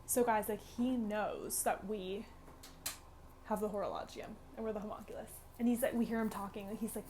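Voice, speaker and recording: A woman's voice: fairly high pitch, steady tone, fairly quick, warm tone, a little hiss or hum. Chatty young woman recapping a game. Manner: chatty, peppered with "like", acts out lines. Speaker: student gamer retelling a visual novel. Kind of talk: casual game recap vlog.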